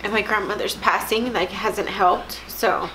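A woman from Texas in her thirties, vlogging at home in a halting, tearful way, close to crying. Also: medium pitch, fairly even intonation, background noise. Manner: tearful, halting, soft-spoken. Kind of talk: emotional personal vlog.

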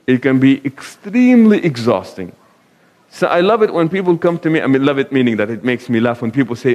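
An imam speaks to a live crowd in an expressive, brisk, slightly mellow mid-range voice. His sermon is conversational, mixing questions for the audience, anecdotes, and occasional Arabic phrases.

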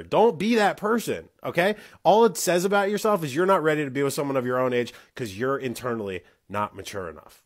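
A man delivering a heated, scolding monologue, swinging from loud emphasis to hushed asides. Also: fairly high pitch, brisk, hardly any pauses.

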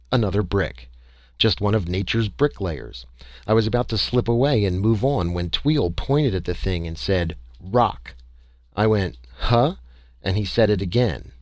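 A man narrating an audiobook in a measured first-person storytelling manner. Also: lowish voice, a little mellow, no echo.

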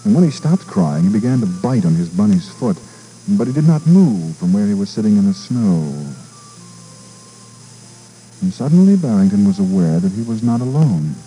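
Deep-voiced man reading a storybook aloud. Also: low-quality recording. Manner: expressive, with small stumbles and repeats. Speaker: radio disc jockey. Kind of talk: storybook narration.

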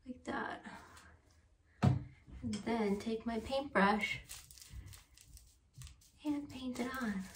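Unhurried woman vlogging in an echoey room. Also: medium pitch, a little hiss or hum. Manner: chatty, self-deprecating, laughs at herself. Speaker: beauty vlogger. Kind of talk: casual how-to vlog. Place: at home. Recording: roomy echo, mic at a distance.

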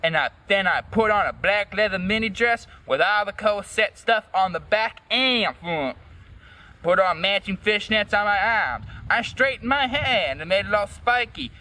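A man's voice: high-pitched, expressive, normal speed, sharp tone. A man reading a fan story aloud as host, in a comic, dramatic first-person narration.

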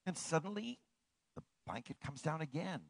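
A man pastor delivering a sermon in an animated way, swinging from hushed, slow passages to ringing declarations. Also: a little high, gravelly, slightly rough, no room sound, rough recording.

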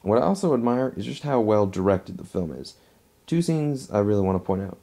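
A man's voice: on the low side, very animated, brisk, warm tone. A man giving a casual movie review, rambling and restarting his phrases as he talks at home.

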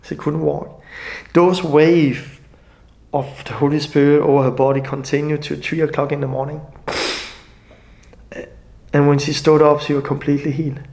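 A middle-aged man with a Danish accent telling an emotional personal testimony, halting and often restarting his sentences. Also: on the high side, level tone, gravelly, darkish tone. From Denmark. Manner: halting, restarts often, non-native grammar. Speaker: ministry leader.

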